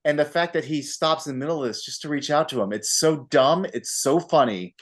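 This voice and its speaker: A man on a casual podcast, talking about a movie with animated energy and frequent swearing. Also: fairly high pitch, a little fast. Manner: animated, acts out scenes with put-on voices and laughter; swears freely. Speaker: podcast co-host.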